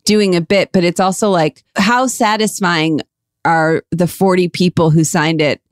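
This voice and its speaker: A woman's voice: on the low side, steady tone, a little slow, dry recording. British woman co-host, laughs easily, casual chatty read, dry studio sound. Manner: giggly, chatty, reads petitions aloud. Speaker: podcast co-host. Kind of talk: casual chat.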